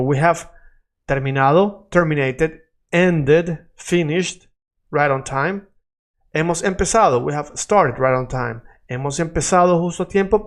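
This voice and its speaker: Guy teaching online, voice a bit high, says the same phrase over and over so you can copy it. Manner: drills phrases by repeating them over and over; switches between English explanation and Spanish examples. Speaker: Spanish teacher. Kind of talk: online language lesson.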